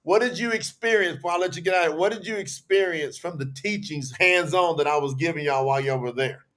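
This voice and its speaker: A man's voice: fairly high pitch, fast, a bit bright. A man hosting a live broadcast, casually prompting a guest with questions. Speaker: host and teacher. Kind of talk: interviewing on a live stream.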